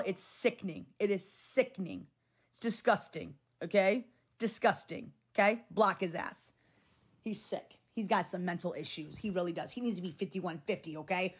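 A woman hosting a phone livestream, talking to her chat in a heated, blunt way, swearing and repeating herself. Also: medium pitch. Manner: swears freely. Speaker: livestream host. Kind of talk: casual livestream talk to chat.

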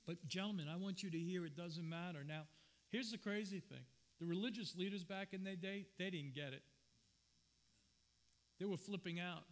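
A man with a high voice, speaking at normal speed, delivers a sermon as pastor in a church sanctuary. His preaching is sincere and personal, drawing on stories from his own life.

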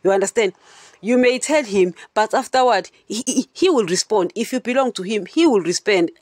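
A woman's voice: mid-range voice, lively intonation, moderate pace, darkish tone, no echo, studio quality. A woman hosting a Christian podcast, teaching in a casual, chatty way and often asking her listeners if they understand. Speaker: podcast host.

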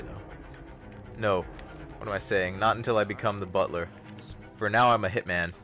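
A man's voice: fairly low pitch, normal speed, faint music behind. A young man hosting a livestream, giving casual, joking gameplay commentary, chatting with viewers and yelping when startled. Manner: animated, joking, talks to chat, yelps when startled. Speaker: livestream host.

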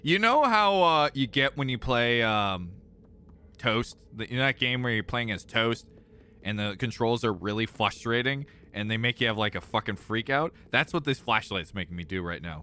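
A young man streaming a game and talking to his viewers, exasperated and swearing often, swinging from loud outbursts to low mutters. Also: animated, moderate pace, a little hiss or hum. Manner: exasperated, swears a lot, repeats himself when frustrated. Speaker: gaming streamer. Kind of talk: live gameplay commentary.

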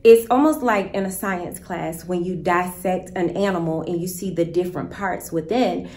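A woman teacher giving a recorded virtual lesson, explaining step by step in a patient, deliberate way. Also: on the low side, darkish tone, roomy sound.

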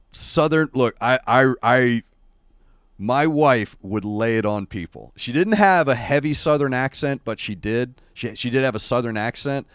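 A middle-aged man hosting a casual livestream chat, telling rambling, wry and animated stories into a streaming microphone. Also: medium pitch, no room sound, studio quality. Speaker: show host. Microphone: adjustable streaming microphone.

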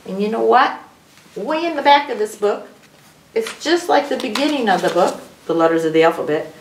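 A woman with an animated, creaky, somewhat high voice speaks at normal speed while leading a children's story time. Picked up from afar in an echoey room, she sings through alphabet rhymes, stretching out each letter sound.

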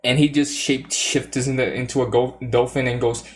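A woman's voice: very deep voice, fairly even intonation, normal speed, soft background music, poor audio. A woman streamer rambling through casual commentary, giggling and cracking crude jokes.

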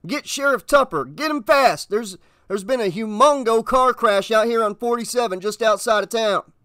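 A man voicing a panicked, shaken male deputy who shouts and stammers in a high, strained voice. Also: extremely slow, dry recording, clean studio sound, full character voice. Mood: urgent.

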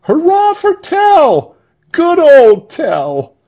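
A man voicing an excited village crowd, shrieking and shouting cheers. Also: drawn-out words, full character voice. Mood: cheering. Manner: shrill shouting.

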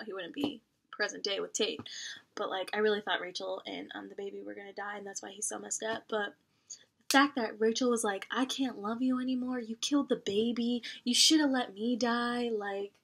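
Chatty young woman reviewing a book. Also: medium pitch. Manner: chatty and expressive, lots of "like" fillers. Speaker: book vlogger. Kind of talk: casual book review chat.

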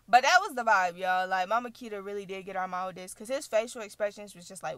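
A young woman hosting a reaction channel, recapping a video in animated, chatty storytelling. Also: mid-range voice, fast talker, few pauses, dry recording. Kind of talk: casual recap vlog.

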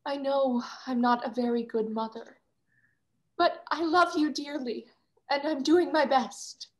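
A woman's voice: high voice, fairly even intonation, unhurried. A young actress playing a proud, theatrical stage-star mother whose grand scolding turns tender, performed over a video call. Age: young adult. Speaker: student actor.

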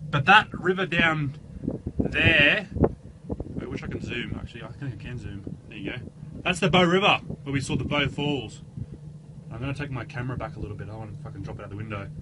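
A man chatting excitedly while filming a travel vlog, sometimes out of breath. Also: medium pitch, fairly quick. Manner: chatty and excitable, with mild swearing. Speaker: vlogger. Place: outdoors on a mountain and in a gondola cabin. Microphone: handheld camera mic. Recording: noisy outdoor camera audio.

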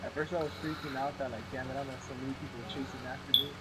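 A man's voice: medium pitch, level tone, rapid-fire, very noisy. A man chatting casually while playing a game with friends, joking with playful comebacks. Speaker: gaming co-player. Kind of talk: casual gaming chat.

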